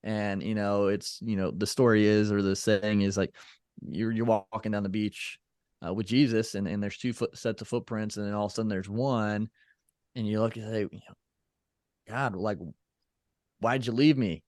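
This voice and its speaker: Man, podcast guest, low voice, dry close sound, reflective, rambling. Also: flat delivery, normal speed, a little mellow, smooth, no echo. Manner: reflective, loose with fillers and restarts. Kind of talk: casual interview chat.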